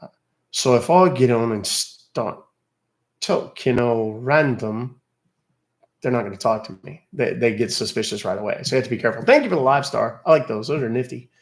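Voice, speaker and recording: A man's voice: medium pitch, lively intonation, normal speed. A man hosting a livestream, chatting casually and directly to his viewers. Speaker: livestream scam-baiter host.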